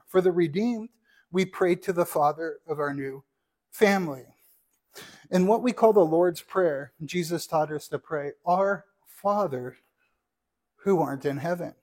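Male pastor delivering a sermon, earnest and teacherly, asides to the congregation, voice pitched slightly high. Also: darkish tone.

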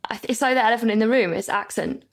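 A woman's voice: a little high, racing, creaky. A woman host asking questions and reassuring a guest.

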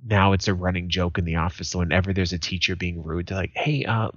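A man's voice: low voice, quick pace, no room sound, lo-fi sound. A man, co-hosting a podcast and telling profane stories in a casual chat. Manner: profane storytelling, animated quoted voices. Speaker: podcast co-host.

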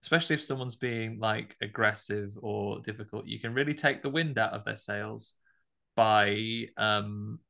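A man's voice: on the low side, moderate pace, vocal fry, bright, forceful tone. A man co-hosting a podcast, recapping a film in a laid-back, casually sweary way. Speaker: podcast co-host.

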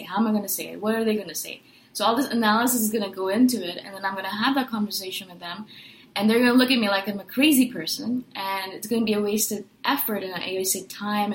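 A woman's voice: mid-range voice, echoey room, low-quality recording. A woman talking casually and earnestly in a monologue, venting her feelings and asking rhetorical questions. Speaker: personality-type video host.

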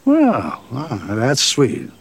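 An actor playing an easygoing rural groundskeeper with a gravelly, husky voice. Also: male voice, mid-range voice, huge pitch swings, extremely slow, full character voice.

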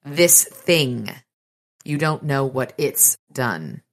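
A woman's voice: very deep voice, sing-song, extremely slow, full character voice. Stern old male wizard, cold and hard, commanding, read by a woman. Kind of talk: reading a novel aloud.

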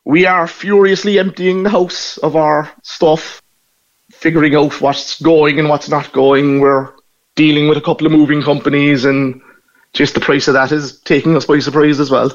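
A man's voice: fairly high pitch, level tone, moderate pace, highs cut off. A man in his forties from Ireland with a Cork accent, a guest telling anecdotes in a casual interview. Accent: Cork Irish. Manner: chatty, anecdotal, self-deprecating.

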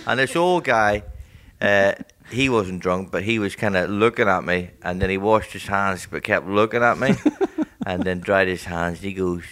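A man's voice: on the low side, moderate pace. A middle-aged man chatting as a comedian guest, telling anecdotes and jokes and acting out the people in them. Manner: animated storyteller, acts out voices in his stories.

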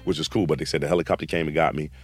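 Casting: middle-aged man, very deep voice, casual slangy storyteller, faint music bed. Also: very fast, no room sound. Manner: animated, slangy, acts out quotes. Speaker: guest telling a story.

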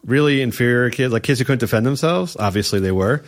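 A man's voice: mid-range voice, fast talker. A man hosting a casual comedy podcast, crude and mocking, joking through the talk. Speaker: podcast host.

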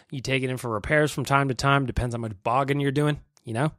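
A man hosting a casual sports podcast, animated and joking, swearing now and then. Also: mid-range voice, fast, few pauses, no echo, clean studio sound. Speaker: podcast host.

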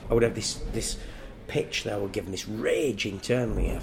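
A man's voice: lowish voice, a little fast, vocal fry, background noise. An older man telling stories in casual podcast chat, crude, profane and joking. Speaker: guest storyteller.

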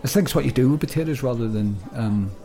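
A man's voice: mid-range voice, quick pace, mellow. Rambling British man, easygoing chat. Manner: rambling, hesitant, with frequent restarts and laughs. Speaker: podcast co-host. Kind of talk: casual chat.

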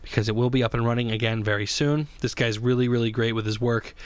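A man's voice: mid-range voice, level tone, fast, clean tone, dry recording. Guy rambling on his own podcast, cracks jokes, restarts a lot, dry close sound. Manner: rambling, joking, with many restarts. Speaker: podcast host. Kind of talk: casual solo podcast monologue.

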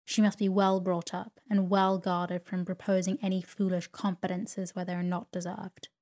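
A woman's voice: on the low side, little pitch movement, normal speed, warm tone, lightly acted. A woman reading a storybook, voicing a stern, brusque elderly great-aunt who speaks in a commanding, indignant manner.

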